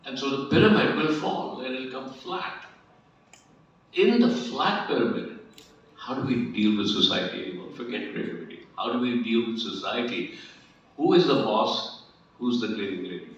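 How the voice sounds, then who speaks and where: A man's voice: medium pitch, a little hiss or hum. Man telling a story in an echoey hall. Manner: storytelling, mixing Hindi phrases. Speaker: panelist. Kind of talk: conference panel talk with anecdote. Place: large hall. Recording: echoey hall, distant dull mic.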